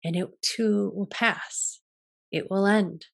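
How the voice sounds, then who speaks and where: A young adult woman hosting a yoga and wellness talk, speaking in a gentle, contemplative way with frequent restarts. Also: medium pitch, fairly even intonation, takes it slowly, creaky. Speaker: yoga and wellness podcast host. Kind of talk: reflective solo talk.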